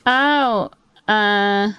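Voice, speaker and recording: A young woman live-streaming, chatting excitably and rambling while she plays, swearing freely. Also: medium pitch, very slow, smooth, no room sound, soft background music. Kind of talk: casual live-stream chat while gaming.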